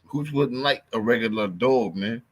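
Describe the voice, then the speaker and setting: A man's voice: medium pitch, normal speed. A man hosting his own podcast, talking loosely in casual street slang and repeating himself for emphasis. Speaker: podcast host.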